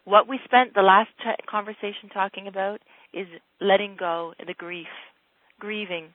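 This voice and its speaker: A woman's voice: mid-range voice, steady tone, normal speed, no room sound. A woman coach on a phone call with a client, talking in a direct, insistent and emphatic way. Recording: dry narrow phone line.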